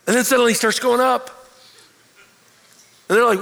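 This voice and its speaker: Man, pastor, sermon, gravelly, long hall reverb. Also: very high-pitched, normal speed, long pauses. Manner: animated, acts out quoted voices.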